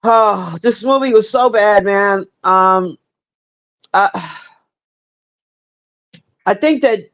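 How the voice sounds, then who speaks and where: A woman's voice: mid-range voice, very slow, a bit bright. A woman giving a casual, rambling movie review on a livestream, blunt and profane, chatting with viewers in between. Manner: chats with live viewers.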